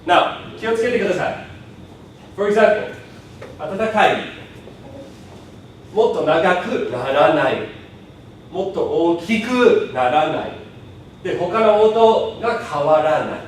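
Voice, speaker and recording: A man's voice: high voice, expressive, fairly quick, a little hiss or hum. A man teaching a language class, explaining patiently with a laugh now and then and modeling words for students to repeat. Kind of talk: classroom lecture. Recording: echoey classroom from far off.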